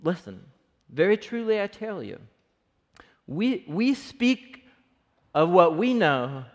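A man voicing an exasperated teacher who scolds a slow pupil, in a raised, emphatic voice. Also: high voice, very animated, pitched above the performer's own voice, heavily acted. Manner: emphatic, incredulous. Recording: long hall reverb.

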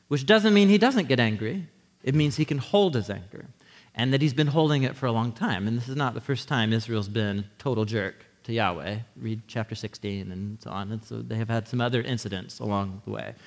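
A man's voice: mid-range voice, a little fast. Conversational male preacher in a hall. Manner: conversational teaching, checks in with the audience. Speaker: pastor. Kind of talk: sermon.

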